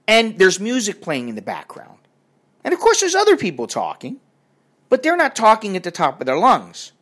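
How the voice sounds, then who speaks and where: A man's voice: high voice, wildly swooping pitch, moderate pace, a bit bright. An older man ranting in a crotchety, profane and rambling way as he talks to his viewers. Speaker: vlogger. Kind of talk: casual rant to camera.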